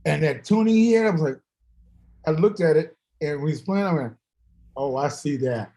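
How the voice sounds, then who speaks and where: A guest musician in a casual chat tells stories, laughing often and acting out the voices of the people he quotes. His voice is a little high and a little fast, and the audio is poor.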